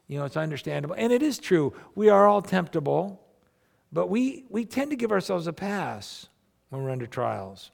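Gravelly animated preacher man. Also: a little high, measured pace, pauses often. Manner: animated, acts out quoted complaints. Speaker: pastor. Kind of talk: sermon.

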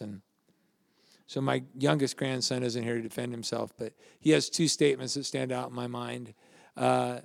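Older male pastor, gravelly, preaches casually and asks the room questions. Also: mid-range voice, dry recording, studio quality. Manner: conversational, anecdotal, asks the audience questions. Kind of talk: sermon.

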